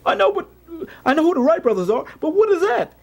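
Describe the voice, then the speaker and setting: A man voicing a mocking male clown who scoffs at an invention in high, incredulous squeals. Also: very animated, fast, creaky, full character voice. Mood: astonished.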